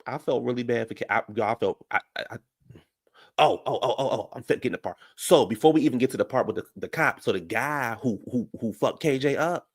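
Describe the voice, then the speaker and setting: A man's voice: medium pitch, fairly quick, no echo, studio quality. A man hosting a reality-show recap channel, telling a story casually and animatedly to his viewers, calling them "y'all". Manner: animated, chatty, addresses viewers as "y'all" and "baby".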